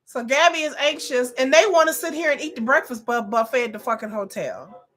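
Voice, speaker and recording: A woman's voice: high-pitched, expressive, a little fast, a bit bright. A woman giving casual, profane reaction commentary on a reality show, bluntly mocking the people on screen. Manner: blunt, profane, mocking impressions of cast members.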